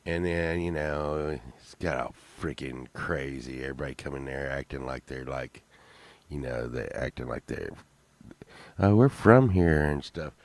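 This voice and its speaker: A middle-aged Texan man hosting a rambling casual chat, tired from a late night, swinging between mumbles and loud outbursts. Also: very deep voice, steady tone, normal speed, no room sound. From Texas. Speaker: show host.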